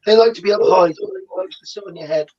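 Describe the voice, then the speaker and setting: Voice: medium pitch, fast, darkish tone. A person chatting casually and teasing the others with jokes about a lizard. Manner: teasing, joking banter. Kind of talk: casual chat. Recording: dull lo-fi stream audio.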